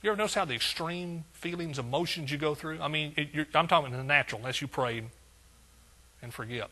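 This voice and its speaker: A man's voice: a little high, fast talker, bright, forceful tone. A male pastor preaching a conversational sermon, asking his congregation rhetorical questions.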